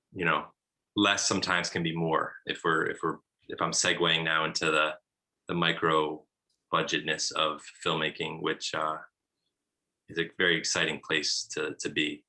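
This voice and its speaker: A male film director in a casual Q&A, relaxed and full of "like" and "you know". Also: a bass voice, poor audio. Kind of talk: casual post-screening Q&A.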